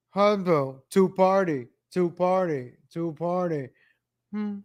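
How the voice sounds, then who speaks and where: High-voiced man ranting in slow exasperation. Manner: exasperated, ranting, repeats phrases. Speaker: streamer reacting to old street footage. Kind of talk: reaction commentary.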